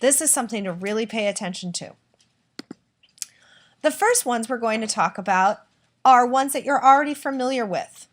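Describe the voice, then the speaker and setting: Woman teaching a lesson, fairly high voice. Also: fairly bright tone. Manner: clear, patient explaining with demonstration sentences. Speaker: Spanish teacher. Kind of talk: recorded classroom lesson.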